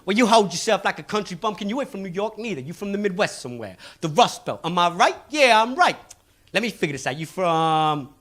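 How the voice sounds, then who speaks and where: A man voicing a brash, cocky male street con man who taunts and shouts. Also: sits high, big pitch swings, brisk, pitched above the performer's own voice, exaggerated voice.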